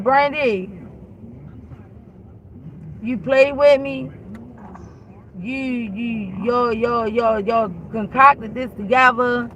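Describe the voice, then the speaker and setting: A woman's voice: sits high, a bit bright, slight background noise, rough recording. A woman telling a long, exasperated story as a show host, acting out both sides of the argument and swearing freely. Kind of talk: animated storytelling rant.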